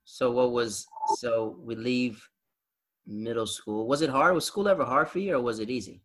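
A man hosting a casual chat, telling stories and acting out what others said. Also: moderate pace. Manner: animated, acts out quotes in a lower voice. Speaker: podcast host.

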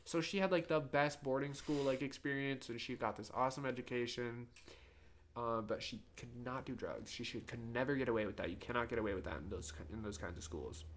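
A man's voice: mid-range voice, fairly quick, a little hiss or hum. A young man co-hosting a casual podcast chat, telling rambling, profane stories and laughing often. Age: young adult. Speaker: podcast co-host.

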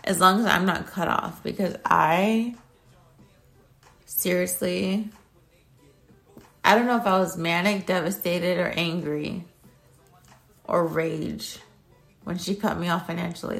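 A woman's voice: on the low side, fairly even intonation, takes it slowly, gravelly, long pauses, a bit bright, faint music behind. A young woman vlogging at home, talking in a blunt, ranting way and swearing freely. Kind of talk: casual chat.

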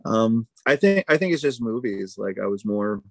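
A Boston-area man co-hosts a podcast, chatting casually and rambling with plenty of "like" and "you know." His voice is lowish and darkish, very animated, at a moderate pace, recorded with no echo.

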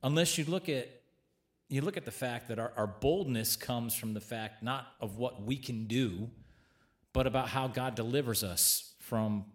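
A man's voice: mid-range voice, a little slow. A man co-hosting a casual church chat, earnest, restarting his words, with dry quips. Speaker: co-host.

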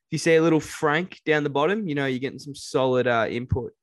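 A man's voice: on the high side, fast, no echo, studio quality. A man, chatting easygoingly on a podcast and poking fun at himself. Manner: easygoing, self-mocking. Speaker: podcast co-host. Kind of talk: casual chat.

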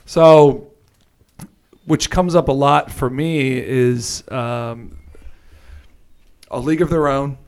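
A man co-hosting a casual movie podcast, chatty and quick to laugh. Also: mid-range voice, steady tone, a little mellow, clear, resonant tone. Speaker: podcast co-host.

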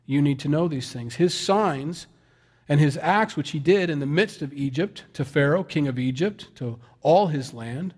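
A man's voice: a little high, moderate pace, a little mellow. Folksy man preaching a sermon. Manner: conversational, folksy, self-deprecating asides. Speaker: pastor.

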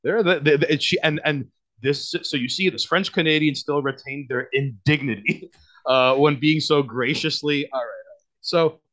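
A man's voice: fairly high pitch, normal speed, a bit bright. A man with a New York accent, a guest on a podcast, talking casually in a rambling way. He leans on fillers, restarts and lots of swearing.

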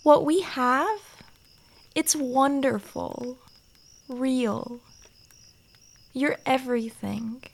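An actress voicing an adoring young girlfriend, speaking softly and tenderly. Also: sits high, drawn-out words, creaky, long pauses, heavily acted. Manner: soft, tender, gently teasing. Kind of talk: audio drama acting.

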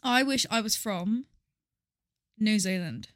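A young woman co-hosting a podcast in casual chat, enthusiastic and quick to laugh. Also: mid-range voice, a bit bright, no echo, studio quality. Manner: chatty, enthusiastic, laughs often. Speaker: podcast co-host.

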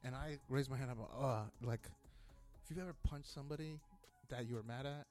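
A young man tells a story in a loose, rambling way, with lots of swearing and acted-out quotes. His voice sits at an ordinary middle pitch. Faint music plays behind him. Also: brisk. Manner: profane, rambling, animated retelling with quoted dialogue. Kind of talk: casual storytelling.

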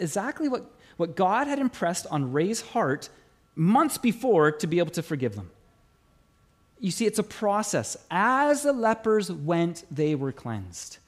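A middle-aged man preaches a sermon, his voice sitting high and swinging widely as he tells a story. He acts out the dialogue with animated shifts, playing every part himself. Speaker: pastor.

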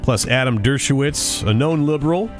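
A man's voice: mid-range voice, normal speed, faint music behind. Rambling male podcast host. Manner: rambling, conversational storytelling with frequent restarts. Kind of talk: casual podcast chat.

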